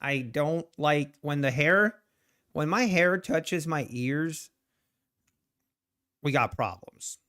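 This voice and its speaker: A man's voice: a little high, slow pace, pauses often, sharp tone. A man hosting a live trading stream, rambling casually to the market and his chat viewers. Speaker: trading livestream host.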